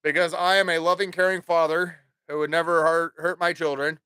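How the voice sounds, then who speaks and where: A man's voice: on the high side, little pitch movement, a little fast, sharp tone, smooth, no echo, clean studio sound. A man hosting his own podcast, rambling casually with plenty of swearing and jokes. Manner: profane, rambling, jokey. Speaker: podcast host.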